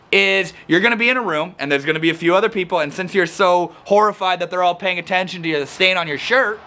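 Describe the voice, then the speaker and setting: Bright-voiced man, animated explainer. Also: high voice. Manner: animated, acts out quoted people. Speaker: self-help video host. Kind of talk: casual talking-to-camera explainer.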